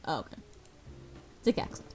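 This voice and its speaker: A woman reads a visual novel out loud at a moderate pace, voicing all the characters herself while music plays in the background. She stops now and then for casual asides, mixing the game's dialogue with her own commentary.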